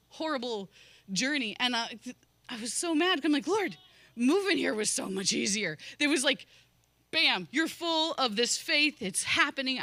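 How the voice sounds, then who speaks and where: A woman's voice: a little high, pushed and bright, dry recording. A young woman telling a personal testimony at a church service, emotional and laughing often as she acts out her own words. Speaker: church member giving a testimony.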